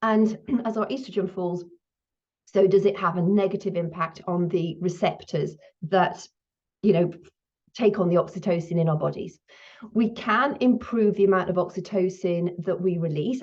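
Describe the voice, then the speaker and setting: A middle-aged woman hosting her own menopause video, talking candidly to camera while still shaken, her breathing high. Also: normal speed, a little mellow. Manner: chatty, candid, laughs now and then. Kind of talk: casual talk to camera. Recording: slightly dull lo-fi sound.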